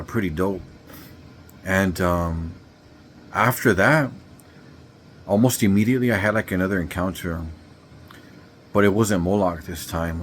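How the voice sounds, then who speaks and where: Low-voiced man rambling casually. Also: a little hiss or hum. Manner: rambling, filler-heavy, laid-back slang. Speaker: vlogger. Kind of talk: casual storytelling to camera.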